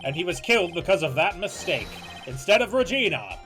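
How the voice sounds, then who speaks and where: A man's voice: sits high, very animated, a little fast. A man voicing a confident young male defense attorney in a fan game reading, with a stiff, formal courtroom delivery. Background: game music.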